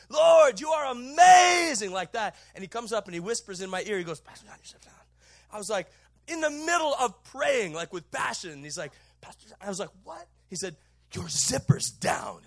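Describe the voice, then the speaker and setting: A middle-aged male pastor preaching a sermon, telling a story in an animated way with loud bursts and laughs. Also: sits high, no echo. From Southern California. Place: large church auditorium.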